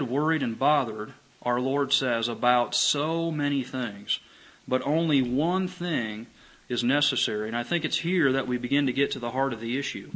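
A male pastor delivers his sermon in a bright, forward voice that sits at an ordinary pitch. He speaks earnestly, leaning on rhetorical questions and gentle emphasis. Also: breathy edge, poor audio.

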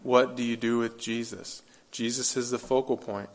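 A man's voice: medium pitch, flat delivery, moderate pace. A man preaching a sermon, earnest and emphatic, repeating phrases and asking his listeners rhetorical questions.

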